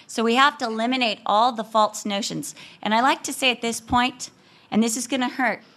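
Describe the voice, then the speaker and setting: A woman speaking to a women's audience about marriage, telling a funny personal story and acting out the quoted lines. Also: high voice. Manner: animated, humorous, acts out quotes.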